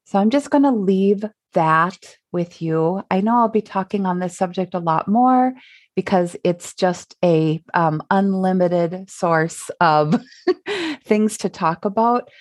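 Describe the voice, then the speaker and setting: Unhurried and fairly low in pitch, a middle-aged woman from Minnesota chats on her solo podcast in her local accent. She's reflective and easygoing, using fillers and light laughter.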